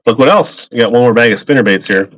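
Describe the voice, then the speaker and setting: A man's voice: mid-range voice, quick pace, a bit bright, no echo. Upbeat man auctioning fishing lures. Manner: upbeat, rambling, greets buyers by name. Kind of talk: casual live-selling chat. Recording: slightly dull lo-fi stream audio.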